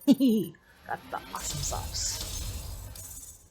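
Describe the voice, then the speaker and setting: A woman in her thirties commentating a video game as she plays. She talks slowly, cooing, joking and sounding exasperated. Game music plays clearly behind her. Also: mellow. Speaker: gaming streamer. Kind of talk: let's play commentary.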